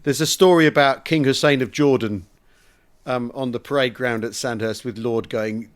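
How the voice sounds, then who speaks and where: A man's voice: medium pitch, moderate pace. A man co-hosting a casual history podcast, reading a listener's letter aloud with relish and chatting. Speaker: podcast co-host.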